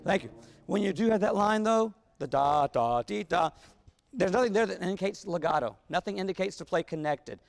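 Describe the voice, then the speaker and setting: A man's voice: high voice, fast, gravelly. A man conducting a wind band rehearsal, talking players through phrasing and singing the rhythms on syllables. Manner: sings rhythms on syllables, coaxing and instructive. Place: large rehearsal hall. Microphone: wireless body mic. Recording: long hall reverb, band music behind.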